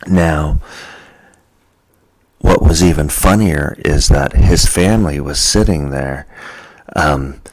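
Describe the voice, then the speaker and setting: Man, very low voice, slow delivery, casual anecdote, plays the voices of people in the story. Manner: animated, jokey, acts out quoted people. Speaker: podcast host.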